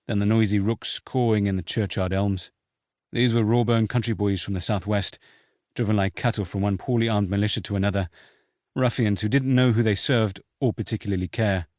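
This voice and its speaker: A man narrating a historical novel as an audiobook in a steady, measured reading. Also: lowish voice, dry recording, studio quality. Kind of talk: scripted narration.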